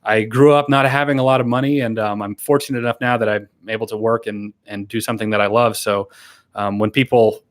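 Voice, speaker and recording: Fairly low-pitched and fairly quick, this man speaks with little pitch movement as he hosts a live stream. He reads and responds to viewer comments in a rambling way full of fillers and laughter, sincerely thanking those who donate.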